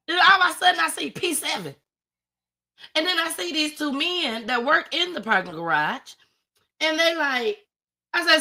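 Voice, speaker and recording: A woman with a bright, forceful voice tells a story on a casual live stream. She speaks, pitched a little high, and acts out every line with lively drama. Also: normal speed. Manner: animated storytelling, acting out her own panicked cries. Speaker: storyteller guest.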